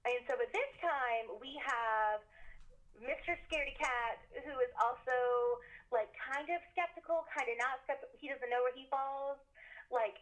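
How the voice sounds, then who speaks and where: A woman casually telling a spooky story, animated, laughing often and full of fillers. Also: high voice, moderate pace, low-quality recording. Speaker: guest telling a ghost story.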